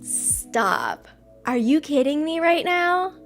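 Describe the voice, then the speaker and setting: A young woman hosting a casual livestream chat, excitable and quick to burst into squeals and laughter. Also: high voice, faint music behind. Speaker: livestream host.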